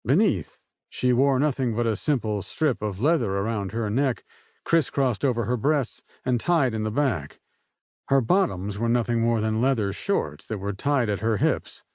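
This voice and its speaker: A man reads a first-person adventure novel aloud, his pace unhurried and measured. His voice sits at an everyday pitch. The recording is dry and close-miked, with no room sound. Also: darkish tone, no room sound. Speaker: audiobook narrator. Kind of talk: first-person scripted narration.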